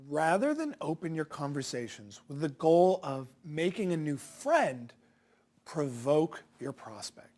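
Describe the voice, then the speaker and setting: A man's voice: fairly high pitch, a little mellow. A man coaching salespeople in a direct-to-camera lesson, punchy and challenging, asking rhetorical questions.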